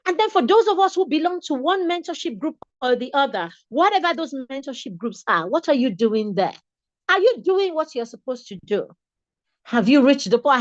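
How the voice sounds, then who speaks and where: A woman's voice: high voice, no room sound, highs cut off. A woman mentor giving an online class to teenagers, asking earnest coaching questions one after another. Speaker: mentor teaching teens.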